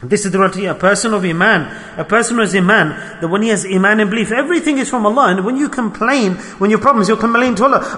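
A man's voice: sits high, animated, fast, pushed and bright, in a large hall. A man preaching a sermon to his congregation, asking rhetorical questions and acting out the complaints of others.

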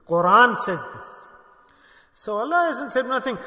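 High-voiced impassioned male preacher in echoing hall. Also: big pitch swings. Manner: impassioned, swings between hushed and raised delivery; recites Quranic verses in rapid chant. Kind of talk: sermon. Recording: echoey hall with long reverb.

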